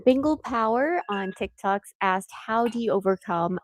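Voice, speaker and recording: A woman's voice: fairly high pitch, lively intonation, measured pace, no room sound, rough recording. A woman co-hosting a casual live Q&A, reading viewer comments aloud and answering briefly. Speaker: co-host reading viewer questions.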